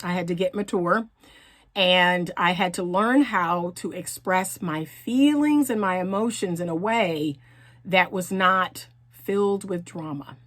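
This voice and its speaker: A woman's voice: on the low side, unhurried, fairly bright tone. A middle-aged woman relationship coach giving earnest, emphatic advice to women, repeating her key phrases for emphasis. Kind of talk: direct-to-camera advice talk.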